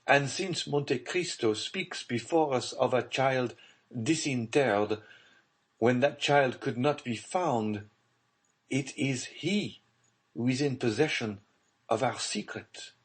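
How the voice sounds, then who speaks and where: A man voicing a haunted aristocratic official in an audiobook, speaking in a grave, hushed, brooding tone. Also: mid-range voice, slow pace, husky, pitched above the performer's own voice. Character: haunted scheming nobleman, secretive and grave.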